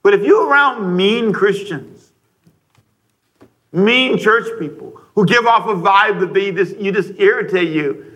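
A man preaching a radio sermon, talking straight to the listeners with a stream of questions and now and then acting out a frustrated parent with a sudden loud outburst. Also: high-pitched, lively intonation, unhurried. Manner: conversational, asks the listeners many questions.

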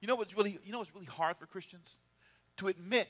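A pastor preaching a lively, humorous sermon with call-and-response. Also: male voice, high voice, fast.

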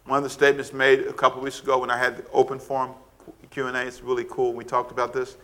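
A man's voice: completely flat delivery, quick pace. A male pastor preaching a sermon, asking rhetorical questions, laughing between points and acting out quoted scolding. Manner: preaching with wide swings of pitch and loudness, rhetorical questions.

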